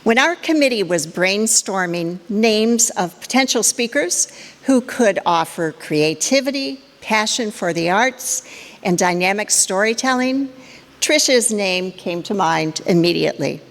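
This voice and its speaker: A woman on a forum committee giving a prepared introduction of the evening's speaker in a measured manner. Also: mid-range voice, lively intonation. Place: lecture hall with a live audience. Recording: reverberant hall.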